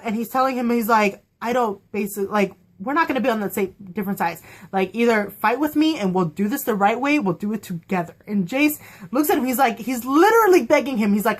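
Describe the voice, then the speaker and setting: Excitable young woman gushing about a show. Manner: excitable, gushing, with big emotional swings in pitch. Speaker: TV show reviewer. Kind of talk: casual fan review chat. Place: at home.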